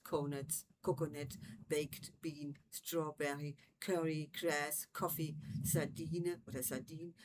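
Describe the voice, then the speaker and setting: A woman's voice: deep voice, a little mellow, slight background noise. A woman, an English speaker, reading a novel aloud and correcting her own slips as she goes. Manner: unhurried, self-correcting. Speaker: storyteller.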